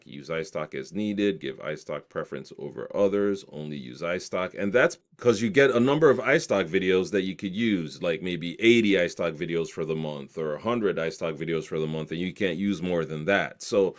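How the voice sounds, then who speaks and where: A man's voice: sits low, normal speed, hardly any pauses. A man walking through a video tool on screen, reading out its options with enthusiasm. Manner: enthusiastic, reads options aloud. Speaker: software tutorial presenter. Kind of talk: screen-recorded software walkthrough.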